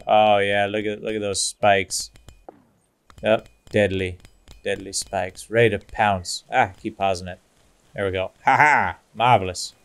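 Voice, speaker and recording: A man giving casual, goofy let's-play commentary over a strategy game, excitable and full of fillers. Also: lowish voice, smooth. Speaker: gaming YouTuber.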